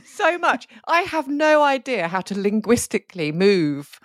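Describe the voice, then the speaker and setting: A woman co-hosting a podcast, chatting casually and reacting with quick laughs. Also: fairly high pitch, sing-song, no echo, studio quality. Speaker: podcast co-host. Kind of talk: casual chat.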